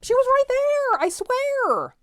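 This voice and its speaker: A woman playing a flustered, bookish young gentleman. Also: medium pitch, sing-song, unhurried, no echo, clean studio sound. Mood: exasperated. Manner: prim, exasperated, stammering. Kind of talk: comedic audio drama.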